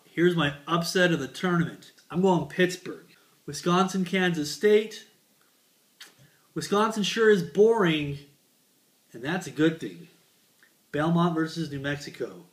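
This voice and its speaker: A man doing casual comedic sports commentary, picking tournament games with deadpan, rambling asides. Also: a little high. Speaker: bracket picker.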